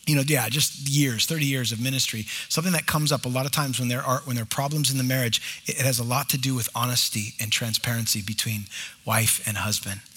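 A man's voice: medium pitch, fairly even intonation, fast, hardly any pauses, pushed and bright, breathy edge. A middle-aged male pastor preaching a sermon in a church, acting out short bits of dialogue as he goes.

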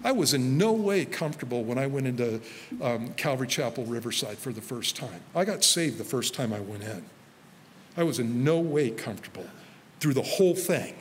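A man, a pastor, preaching a sermon to a congregation in a relaxed, conversational way, telling stories from his own life and quoting himself. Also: mid-range voice, normal speed, in a large hall, a little hiss or hum. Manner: conversational, storytelling with self-quoted asides. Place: church sanctuary before a congregation.

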